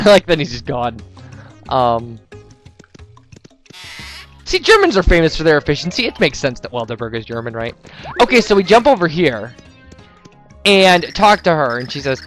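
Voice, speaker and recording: A young man chats through his video game playthrough, rambling with plenty of "um"s and wry asides. His voice is fairly high and lively in pitch. Soft game music plays in the background. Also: moderate pace, pauses often. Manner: rambling, many "um"s, joking asides. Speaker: let's player. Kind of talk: casual gameplay commentary.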